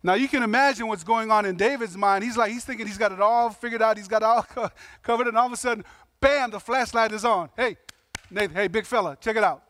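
Speaking fast, a high-voiced pastor of Samoan heritage gives a laid-back, conversational sermon full of emphatic points, slangy asides and acted-out quotes. The sound is close and dry, without any room echo.

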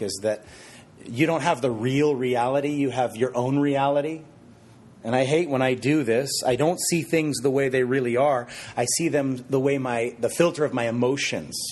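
Husky-voiced man preaching with emphasis. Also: mid-range voice. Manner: expressive, rhetorical questions with shifting emphasis. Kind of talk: sermon.

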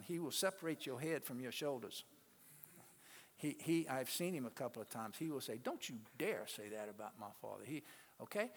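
A male pastor preaching a sermon to his congregation, swinging between loud, emphatic peaks and quiet asides and calling out to the people in the pews. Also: a little high. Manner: calls out to the congregation. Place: church sanctuary. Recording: long reverb of a large hall.

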